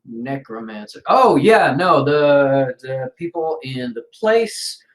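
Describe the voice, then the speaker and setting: A woman running a tabletop game, her voice very low and her pace unhurried. She talks loosely and haltingly, full of fillers, and the room has a clear echo. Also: big pitch swings. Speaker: game master.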